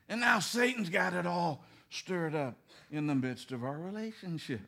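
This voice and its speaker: A man's voice: high voice, animated, normal speed, gravelly, bright, forceful tone. A middle-aged man preaching a humorous sermon, telling stories and acting out little dialogues with bursts of emphasis. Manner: storytelling with mimicked dialogue, bursts of laughing emphasis. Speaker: pastor.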